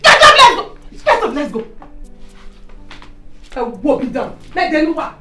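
A woman's voice: high-pitched, big pitch swings, unhurried, faint music behind. A fiery Nigerian mother. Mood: furious. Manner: loud, scolding, repeats herself. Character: fiery Bini mother, loud and scolding. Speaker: mother demanding bride price. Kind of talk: film drama acting.

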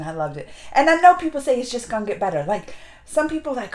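A woman giving a casual, emotional reaction review of a TV series, rambling with many restarts and swinging between hushed and loud. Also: a little high, big pitch swings, quick pace. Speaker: show reviewer.

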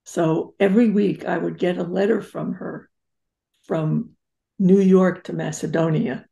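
An older woman speaks as a therapist guest, telling family stories in a reflective, emphatic way. Her voice is deeply gravelly with heavy vocal fry. Her tone is dark and mellow. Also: steady tone, unhurried, highs cut off. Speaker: psychotherapist guest. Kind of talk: interview storytelling.

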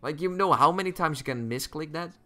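A man's voice: on the high side, a little fast, pushed and bright. A young man streaming a game live, chatting with viewers and ranting with frequent swearing. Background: faint music.

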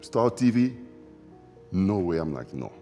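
A Congolese man in his 40s, a former basketball player, sits for an interview and recalls events with emotion. His low, mellow voice is halting and reflective, repeating phrases with loose grammar, while soft music plays in the background.

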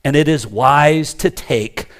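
Emphatic preacher with a higher voice. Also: male voice, slow. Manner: emphatic and conversational, with asides to the congregation. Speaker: pastor. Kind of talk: teaching sermon.

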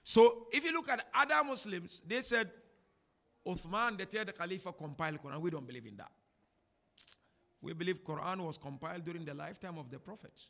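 A man with a fairly high, bright voice and a gravelly edge leads an informal religious lesson in a mosque. He talks in an animated, chatty way, full of asides and laughter, as he answers the audience. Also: fairly quick. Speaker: sheikh giving a talk and answering questions. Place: mosque hall before an audience.

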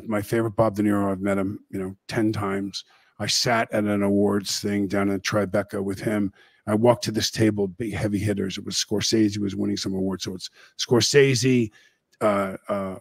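A man's voice: lowish voice, no echo. A middle-aged man hosting a talk show, telling rambling anecdotes in casual chat.

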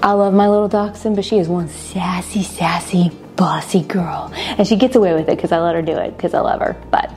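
A middle-aged woman vlogging in a casual, chatty way, tired and unwell, a little emotional, with fillers and soft laughs. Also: mid-range voice, fast, few pauses, faint music behind. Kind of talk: casual vlog chat to camera.

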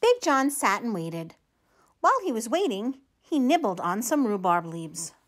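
A woman reading a children's picture book aloud, telling the story in an animated, expressive way. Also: fairly high pitch, measured pace. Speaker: storytime reader.

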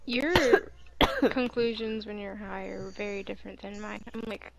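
A woman's voice: mid-range voice, fairly even intonation, moderate pace, gravelly, poor audio. A young woman chatting in a laid-back way while gaming with friends. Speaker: gamer. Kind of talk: casual chat while gaming.

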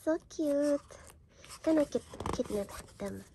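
A woman's voice: high voice, expressive, slow, creaky, background noise. A young woman from Indonesia, gushing and gasping with delight as she chats casually in a fan vlog. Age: young adult. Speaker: vlogger.

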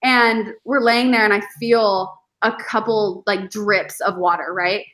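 A woman, a guest on a podcast, telling animated stories in casual chat and acting out her past self. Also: mid-range voice, measured pace. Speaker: podcast guest, former reality show contestant.

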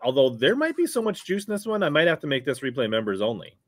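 Man, animated pitch, casual live-stream host, reads viewer comments aloud, dry close mic. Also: fast talker, no echo.

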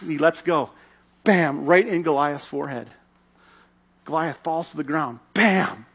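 A man's voice: fairly high pitch, a little slow, vocal fry, fairly bright tone, a little hiss or hum. A man giving a sermon as pastor, telling a story animatedly and acting out its scenes.

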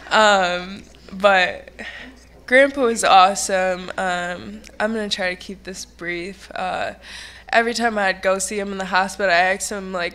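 A young woman giving a tribute at her grandfather's funeral in a church sanctuary, speaking into a podium microphone. She talks fondly and laughs through her memories, growing soft when she turns serious. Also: mid-range voice, a little slow.

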